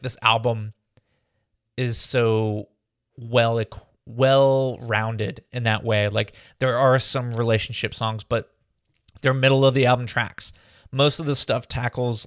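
Male podcast host, mid-pitched, excited and talkative, close and dry. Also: dry recording. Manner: enthusiastic, chatty, says "man" often. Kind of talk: casual album review.

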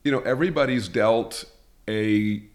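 A man co-hosting a comedic podcast, blunt and opinionated, often stumbling over his words. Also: medium pitch. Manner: blunt, opinionated, halting with fillers. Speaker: podcast co-host. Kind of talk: comedic casual podcast chat.

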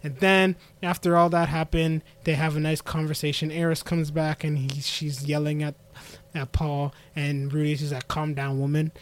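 A man casually recapping an anime episode with friends, rambling through the plot and tossing in quick quoted lines for each character. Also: fairly high pitch, level tone. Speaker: podcast co-host.

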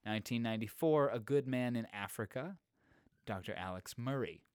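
A man's voice: medium pitch, animated, normal speed, a little mellow, clear, resonant tone, no room sound, studio quality. A man co-hosting a casual podcast chat, reading through a list of films with musing asides. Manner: chatty, reads out film lists, musing asides. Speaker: podcast co-host.

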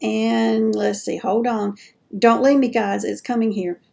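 Southern lady podcaster, folksy and chatty, kinda high voice with some vocal fry. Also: fairly even intonation, measured pace, dark tone. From American South. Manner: chatty, folksy, laughs at herself. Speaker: caregiving podcast host. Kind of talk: casual chat to listeners.

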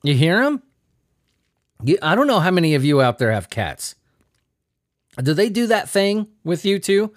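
A man's voice: high voice, sing-song, normal speed, long pauses, no echo, clean studio sound. A man hosting a comedy news podcast, riffing on odd stories in a sarcastic, profane way. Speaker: podcast host.

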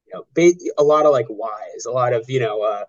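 A man in his thirties talks about his novel in a halting, searching way, full of restarts and fillers. His pitch sits in the middle range for a man. The recording sounds a little dull and muffled. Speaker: novelist being interviewed. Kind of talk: conversational interview.

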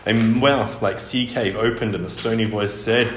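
A man reading a children's storybook aloud, expressive and lively with his delivery. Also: lowish voice, normal speed. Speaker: audiobook reader. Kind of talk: storybook narration. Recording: roomy echo, faint noise.

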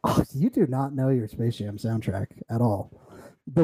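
Dark-voiced young man, teasing podcast host. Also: mid-range voice, moderate pace, slightly rough, no room sound, poor audio. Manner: laughs often, teasing, storytelling. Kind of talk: casual comedic chat.

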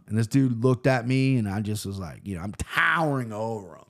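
An American man telling a long story in a loose, rambling, excitable way, swearing often. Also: on the low side, brisk, vocal fry, hardly any pauses. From United States. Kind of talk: casual storytelling monologue.

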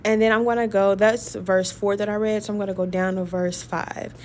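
A woman teaches scripture in a casual, excitable way. She is emphatic and conversational and keeps firing off rhetorical questions at an ordinary pitch, with faint noise in the background. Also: a little fast. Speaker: Bible teacher. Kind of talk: casual Bible study talk.

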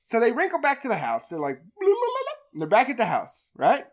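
A woman hosting a podcast, retelling a movie in a crude, profanity-heavy, animated way. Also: fairly high pitch, fast talker. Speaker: podcast host. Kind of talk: casual comedic movie recap.

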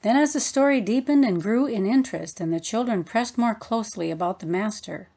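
A woman narrating a book in a measured, reverent reading voice. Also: mid-range voice, dark tone. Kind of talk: audiobook narration.

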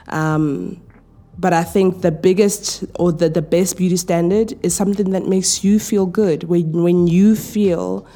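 A woman hosting a casual solo podcast from home, talking in a relaxed, chatty way with many fillers and restarts, her voice tired. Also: on the low side. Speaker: podcast host. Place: home, in pajamas.

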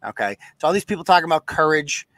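Sarcastic ranting man with a bright voice. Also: a little high, expressive, fast talker, no room sound. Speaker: host. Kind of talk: live podcast commentary.

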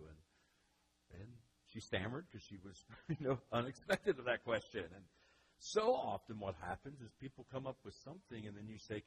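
A man preaching a sermon as pastor, earnest and conversational, slowing down for emphasis. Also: medium pitch, very animated, a little hiss or hum, low-quality recording.

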